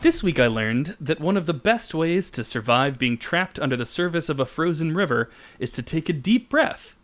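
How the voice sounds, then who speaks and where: A man's voice: a little high, sing-song, normal speed, a bit bright, soft background music. A man co-hosting a comedy science podcast, explaining facts playfully and giggling at his own jokes. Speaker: podcast co-host.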